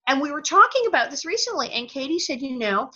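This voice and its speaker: Upbeat woman guest, lively stories, punchy bright tone, bit muffled recording. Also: high-pitched, quick pace. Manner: energetic, bursts into impressions and laughs. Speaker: interview guest, former child actress. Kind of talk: animated storytelling.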